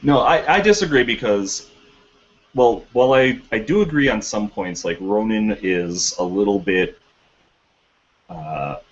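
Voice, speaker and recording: A man co-hosting a casual podcast chat, opinionated and quick to argue his point. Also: fairly low pitch. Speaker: podcast co-host. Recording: dull lo-fi podcast audio.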